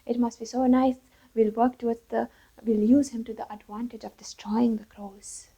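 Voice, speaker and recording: A woman's voice: a little high, level tone, moderate pace, warm tone, husky, muffled recording. A woman voicing naive owl ministers who speak in a coaxing, indulgent way in a storybook tale. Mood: scheming.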